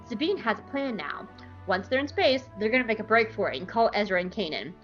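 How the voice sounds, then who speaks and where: A woman's voice: medium pitch, expressive, a little fast, muffled recording, soft background music. A young woman recapping an episode in a chatty, irreverent way, swearing freely. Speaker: show recapper.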